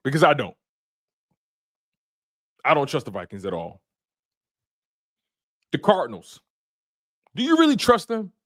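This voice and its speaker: Guy hosting a live sports show, high voice that jumps all over, ribbing the chat, aave. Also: unhurried, pauses often. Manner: animated, teasing chat readers by name. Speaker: sports podcast host. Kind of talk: casual live stream talk.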